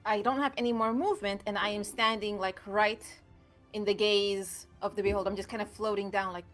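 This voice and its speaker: A woman's voice: medium pitch, fairly even intonation, brisk, fairly bright tone, soft background music. Chatty woman playing a tabletop game. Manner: chatty, self-mocking. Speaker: player. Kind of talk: casual play at a tabletop game.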